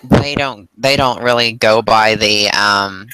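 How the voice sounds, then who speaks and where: A man joins a livestream chat with hesitant, filler-laden speech. His low voice sounds bright and crisp, with a dry sound. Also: takes it slowly, dry recording, rough recording.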